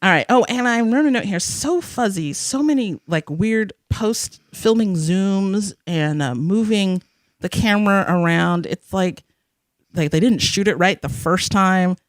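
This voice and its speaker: A woman's voice: mid-range voice, a little slow, no echo, studio quality. A young woman hosting a podcast, chatting casually about an episode, rambling and giggling as she acts out quotes. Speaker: podcast host. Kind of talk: casual chat recapping an episode.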